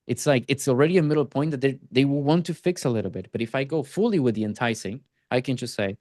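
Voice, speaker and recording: A man coaches a sales team over a video call, talking casually at a mid pitch. He slips into short acted-out replies from prospects to make his points. The sound is dry, close and without any room echo. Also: darkish tone. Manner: casual, acts out prospects' replies in quick asides. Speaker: sales trainer.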